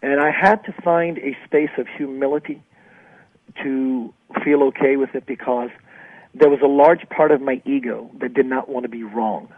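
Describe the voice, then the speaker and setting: Husky man telling a story over the phone. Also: medium pitch, moderate pace, dry recording. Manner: animated storyteller, acts out quoted dialogue. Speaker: interview guest, spiritual author. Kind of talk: storytelling in a conversational interview. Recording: tinny phone line.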